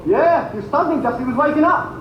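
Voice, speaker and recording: A man's voice: extremely high pitch, animated, fast, slight background noise. A man playing an evasive shopkeeper making hesitant excuses in a comedy sketch. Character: evasive male shopkeeper who denies everything. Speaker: pet shop owner in a comedy sketch. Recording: echoey, distant, dull clip from speakers.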